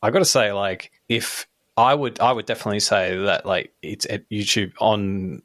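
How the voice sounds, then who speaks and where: A man's voice: fairly low pitch, moderate pace, a bit bright, dry recording, studio quality. A middle-aged man co-hosting a podcast in casual chat, rambling with many restarts and "right?" tag questions. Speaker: podcast co-host.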